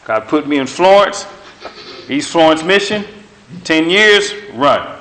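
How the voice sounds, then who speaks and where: A man's voice: a little high, lively intonation, normal speed, fairly bright tone. A man preaching a sermon with an emphatic, repetitive cadence, hammering home short phrases. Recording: roomy echo.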